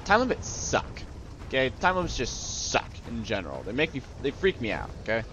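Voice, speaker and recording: A man casually commenting on his own gameplay in an excitable way, talking to the enemies and breaking into sudden outbursts. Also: mid-range voice, brisk, a little hiss or hum. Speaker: let's play host.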